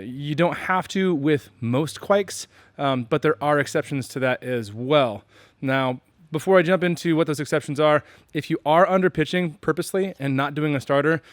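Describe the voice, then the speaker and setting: A man's voice: on the high side, smooth, no room sound. A man from the United States hosting a homebrewing channel, explaining casually and rambling with many fillers and self-deprecating asides.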